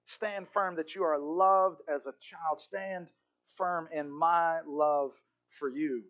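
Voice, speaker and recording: A man preaching a sermon as pastor, fervent, repeating key phrases and slowing down to stress them. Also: high-pitched, a bit bright, dull audio.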